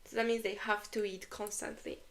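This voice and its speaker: A woman's voice: medium pitch, little pitch movement, brisk. A woman co-hosting a podcast, reading an online story aloud and stopping to laugh and explain words to her partner. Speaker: podcast co-host. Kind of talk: reading and discussing online stories.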